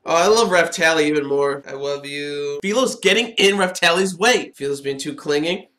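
A man giving casual, excitable reaction commentary while watching an anime, chatting and laughing as he goes. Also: a little high, brisk.

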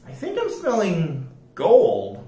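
A man doing a squeaky plucky girl pirate. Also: wildly swooping pitch, slow, echoey room, distant mic, heavily acted. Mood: cheerful. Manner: eager, bright squeaky cries.

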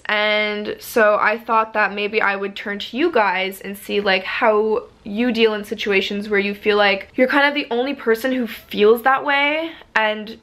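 A woman's voice: medium pitch, fairly even intonation, normal speed, few pauses, fairly bright tone. A woman in her twenties, vlogging in a casual confessional way, rambling with lots of "like" fillers, earnest and emotional. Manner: earnest and open.

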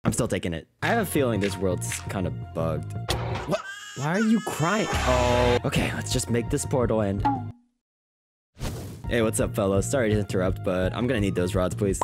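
A man voicing his own cartoon character in excitable, quick reactions, full of surprised outbursts, over background music. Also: fairly low pitch. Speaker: host and animator of a game cartoon. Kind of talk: animated cartoon voice acting.

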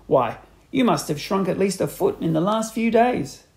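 A man reading a storybook aloud, voicing a spiteful old man who taunts slowly and cruelly. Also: high-pitched, lively intonation, gravelly, darkish tone, a little hiss or hum, voice pushed up. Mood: gloating. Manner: taunting, slow and drawn-out.

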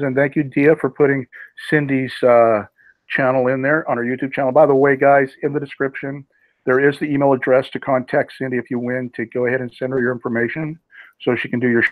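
A man's voice: mid-range voice, no echo. A man hosting a live online auction, calling bids and greeting chat viewers by name. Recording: tinny phone-like sound, dry.

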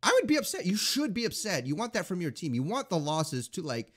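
A man's voice: high-pitched, huge pitch swings, fairly quick. A man co-hosting a podcast in casual chat, rambling with lots of filler words. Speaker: podcast co-host.

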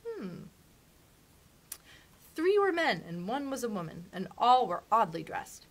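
A woman librarian reading a storybook aloud for children, expressive and animated, with gasps at dramatic moments. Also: on the high side, rough recording.

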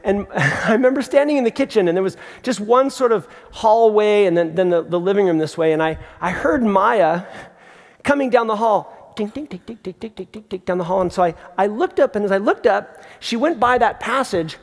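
A middle-aged man preaching a sermon as pastor, conversational and animated, with emphatic repeats. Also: high-pitched, moderate pace. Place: large theatre. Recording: long hall reverb from a theatre.

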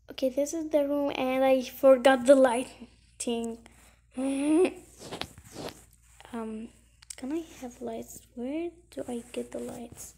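Giggly high-voiced woman gaming. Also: slight background noise, poor audio. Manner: giggly, muttering softly to herself while searching; excitable, gushing. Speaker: gaming channel host. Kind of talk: casual gameplay commentary.

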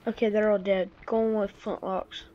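A woman giving casual gameplay commentary, grumbling and reacting excitably to the game. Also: mid-range voice, moderate pace. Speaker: gamer. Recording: dull lo-fi recording.

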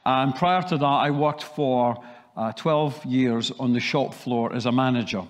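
A man's voice: medium pitch, unhurried. Scottish man speaking in a reverberant hall. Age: middle-aged. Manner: chatty, storytelling, with restarts. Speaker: keynote speaker. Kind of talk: conference presentation.

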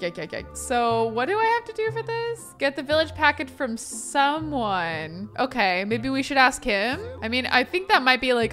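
A woman giving excitable game commentary, dramatic and full of exclamations, talking to the characters on screen. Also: high voice. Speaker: gaming YouTuber.

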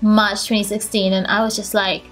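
A young woman beauty vlogger talking casually and gushing excitedly while she unboxes gifts, with lots of fillers. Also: medium pitch, moderate pace, faint music behind. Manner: bubbly and gushing, many fillers.

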